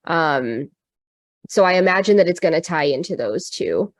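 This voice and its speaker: Low-pitched woman, thoughtful, dry sound. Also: expressive, moderate pace, no echo. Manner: thoughtful, rambling with fillers. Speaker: podcast co-host. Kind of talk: casual chat.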